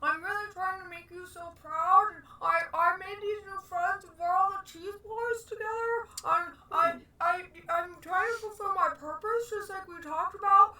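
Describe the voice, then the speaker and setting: A woman playing an earnest little rat, very high. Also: fairly even intonation, normal speed, hardly any pauses, sharp tone. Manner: sweet, earnest, tearful. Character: tiny earnest male rat, gentle and eager. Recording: echoey room, far from the mic.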